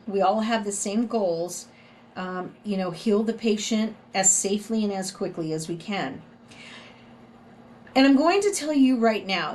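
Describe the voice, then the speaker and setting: A woman's voice: medium pitch, a little hiss or hum. A middle-aged woman with a Southern US accent, giving a recorded nursing lecture in a conversational way, often adding "right?" to her points. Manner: conversational, frequent "right?" tag questions. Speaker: nursing instructor.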